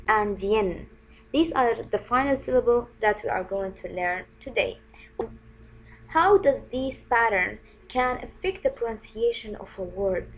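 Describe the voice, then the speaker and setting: A woman's voice: sits high, poor audio. Friendly woman teaching a spelling lesson. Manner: repeats sounds slowly and clearly; friendly, asks questions of the learners. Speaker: English teacher.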